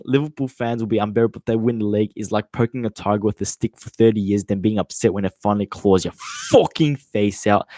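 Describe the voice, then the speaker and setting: A man's voice: mid-range voice, darkish tone, no room sound. A nineteen-year-old Australian man hosting a casual podcast Q&A, rambling and swearing freely, calling listeners mate. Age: teens. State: hot and sweaty. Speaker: podcast host. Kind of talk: casual live Q&A chat.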